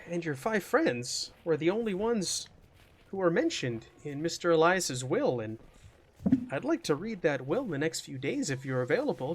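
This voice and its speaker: Man playing a jittery quiet lawyer, stammering, tabletop game. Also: fairly high pitch. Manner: nervous, halting, quiet. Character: nervous male lawyer, estate executor.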